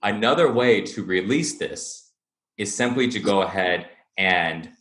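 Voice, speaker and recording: Deep-voiced man coaching in an echoey room. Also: expressive, a little slow, fairly bright tone. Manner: earnest, repetitive, acts out angry quotes. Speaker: fitness and wellness coach. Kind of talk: motivational talk to camera.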